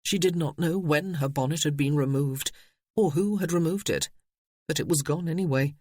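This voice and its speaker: A man reading a novel aloud in steady audiobook narration. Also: a little high, moderate pace, no echo, studio quality.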